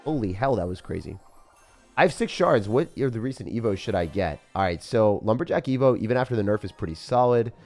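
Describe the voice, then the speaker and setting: Excitable man, lower-pitched gamer voice. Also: a little fast, soft background music. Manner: excitable, jokey, breaks into loud outbursts. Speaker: game streamer. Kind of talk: live gameplay commentary.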